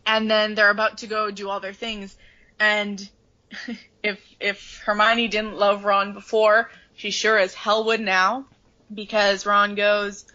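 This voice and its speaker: A woman's voice: medium pitch, bright, forceful tone, lo-fi sound. A woman co-hosting a podcast, chatting casually and animatedly about a book, swearing freely and acting out the characters. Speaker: podcast co-host.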